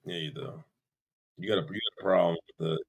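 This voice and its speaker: A man's voice: low-pitched, fast talker, gravelly, slightly rough. A man arguing defensively on a live stream, repeating himself, restarting his sentences and swearing. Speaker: livestream guest. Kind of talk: heated argument on a live stream.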